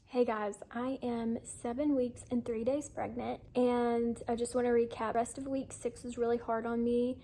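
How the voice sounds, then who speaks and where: A woman's voice: on the high side, dark tone. A young adult woman giving a candid, chatty update to her viewers in a casual vlog. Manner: candid, confiding, chatty with fillers. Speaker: vlogger.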